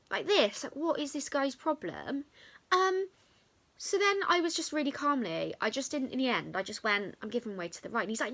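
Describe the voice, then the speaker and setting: A woman's voice: sits high, brisk. A young woman, telling a chatty storytime to camera with lots of fillers. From England. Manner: chatty, animated retelling with many fillers. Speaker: vlogger. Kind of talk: storytime vlog.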